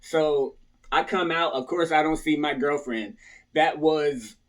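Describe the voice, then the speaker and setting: Talking straight to his viewers at a measured pace, a man with a slightly high voice tells a loose, casual story from his past. He checks in with "right?" after nearly every line and acts out others' words in a raised voice.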